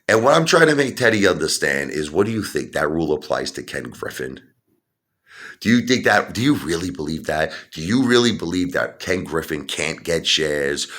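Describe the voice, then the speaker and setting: A middle-aged man ranting heatedly to his viewers about stocks, repeating himself and rising to shouts. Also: low-pitched. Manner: animated, repetitive, rising to shouts. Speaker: stock market video host. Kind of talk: heated opinion rant.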